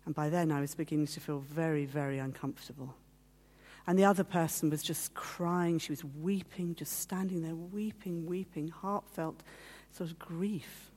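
A woman speaks to a gathering in a personal testimony, her voice low and mellow. She tells her story with feeling and slips into the voices of the people in it. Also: steady tone, moderate pace. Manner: storytelling, acting out quoted voices; heartfelt, at times teary. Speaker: guest speaker. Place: meeting hall.

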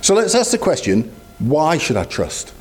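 A man's voice: fairly high pitch, wildly swooping pitch, normal speed, soft background music. A man preaching a sermon in a conversational, storytelling way with asides to the congregation.

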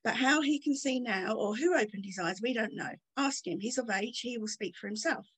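A woman's voice: a little high, normal speed, breathy edge, poor audio. A woman reading aloud as the healed man's frightened, evasive parents. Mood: guarded. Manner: guarded, evasive. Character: anxious parents of the healed man.

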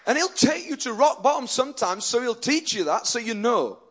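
A man's voice: extremely high pitch, animated, normal speed, breathy edge. A male pastor preaching a sermon earnestly and emphatically, often restarting his sentences.

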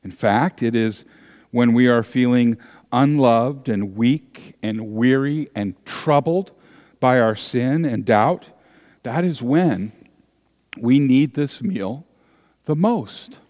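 A male pastor preaching a sermon in an earnest manner, building to animated emphasis. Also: mid-range voice, slow pace. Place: large church sanctuary. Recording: long church reverb.

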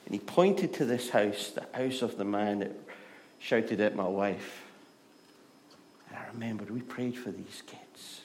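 A middle-aged Scottish pastor preaching a sermon, telling stories and moving between hushed and loud, lively delivery. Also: male voice, on the low side, unhurried, slight background noise. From Scotland. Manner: storytelling, shifts from hushed to loud and animated.

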